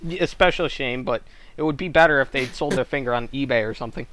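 Deadpan man hosting a noisy podcast. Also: medium pitch, quick pace. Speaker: podcast host. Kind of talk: casual comedy podcast chat.

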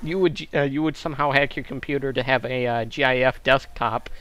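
A man's voice: mid-range voice, fairly even intonation, fairly quick, a bit bright, rough recording. A young man hosting a podcast over voice chat, joking crudely and rambling with many fillers, sounding like he has a cold. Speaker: podcast host. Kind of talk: casual voice chat. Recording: online voice chat with faint noise.

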